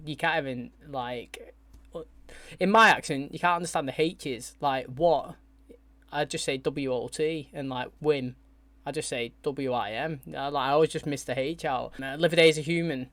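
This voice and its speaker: A man chatting excitedly and slangily as he reacts to a TV episode. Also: medium pitch, moderate pace, dry recording. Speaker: reaction video host.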